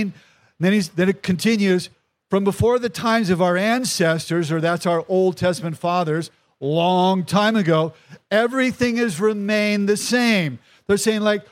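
A middle-aged male pastor delivers a sermon in a noticeably high voice. He drives his points home with repetition and keeps calling on the congregation to answer him. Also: a little slow. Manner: emphatic preaching with repetition and calls to the congregation. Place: church service in a tent.

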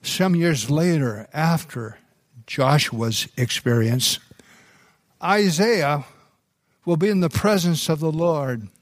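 Slow, unhurried pastor preaching a sermon. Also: male voice, fairly high pitch, no room sound, studio quality. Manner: unhurried storytelling delivery with restarts.

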